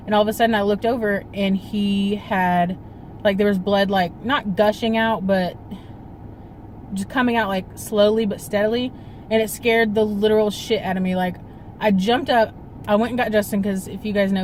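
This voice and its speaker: A woman's voice: mid-range voice, darkish tone, slight background noise, poor audio. A young woman telling a personal story to her phone camera in a casual vlog, rambling with many fillers and trying not to cry. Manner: rambling, full of fillers, fighting back tears. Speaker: vlogger.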